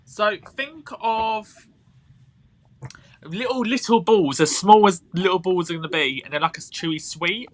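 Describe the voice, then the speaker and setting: A British man co-hosting a casual podcast chat, animated and rambling, talking into a home mic on a live stream. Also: sits high, unhurried, a little hiss or hum. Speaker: podcast co-host.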